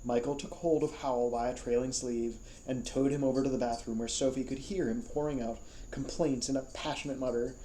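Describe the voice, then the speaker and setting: A man reading a novel aloud as a storyteller, calm and even. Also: mid-range voice, a little fast, roomy sound, slight background noise, poor audio. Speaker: storybook reader.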